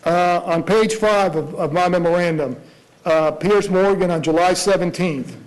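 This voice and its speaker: High-voiced man arguing in court. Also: normal speed, poor audio. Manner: rhetorical, pressing questions. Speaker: prosecutor. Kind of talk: courtroom argument before a judge.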